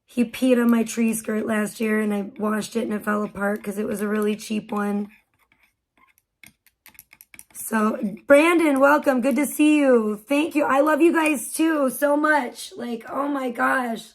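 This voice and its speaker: A young woman hosting a casual livestream, her voice pitched high and a little worn from a sore throat. She talks in an excitable, loose way and swears freely. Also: measured pace. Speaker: livestream host.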